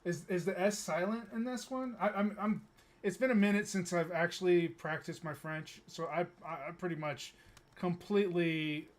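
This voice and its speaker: A young American man streams a game and chats casually, rambling with stammered restarts and chuckles. His voice is high and steady, at a moderate pace.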